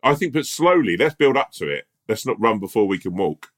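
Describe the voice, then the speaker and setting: A man's voice: on the low side, very animated, brisk, fairly bright tone. A man co-hosting a comedy podcast, rambling and swearing as he spins a story. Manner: rambling, swears, laughs often. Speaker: podcast co-host. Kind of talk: casual comedy chat.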